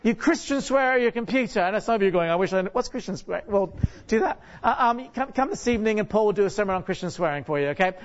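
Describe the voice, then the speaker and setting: A man's voice: sits high, lively intonation, quick pace, hardly any pauses. A man giving a conversational, joking sermon from a church stage, often stopping to ask the congregation questions and restarting his sentences. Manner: chatty, jokey, asks the congregation many rhetorical questions; frequent restarts and repeated words. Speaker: guest preacher. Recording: dull lo-fi recording.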